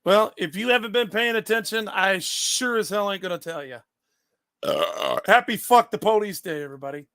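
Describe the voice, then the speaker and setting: Gravelly high-voiced man, blunt. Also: very animated, moderate pace, sharp tone, dry recording. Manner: blunt, confrontational, swears freely. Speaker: livestreamer answering his chat. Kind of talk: casual livestream chat.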